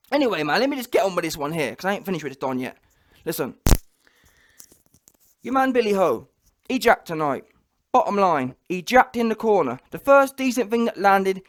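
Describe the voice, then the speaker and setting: A man's voice: sits high, big pitch swings, normal speed. A man giving a heated, blunt reaction rant about a boxing fight, repeating his points. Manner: heated, blunt, repetitive, mocks others in quoted voices. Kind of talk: ranting reaction commentary.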